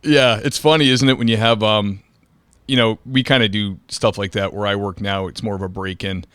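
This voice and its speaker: A man's voice: on the low side, normal speed, smooth, no room sound. Chatty middle-aged male podcast host. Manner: relaxed, chatty, many fillers. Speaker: podcast host, police officer. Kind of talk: casual interview chat.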